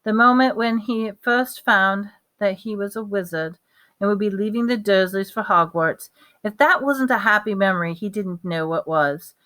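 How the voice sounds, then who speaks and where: A woman reading a novel aloud at a steady pace, with small slips and restarts. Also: medium pitch, normal speed. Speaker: audiobook reader.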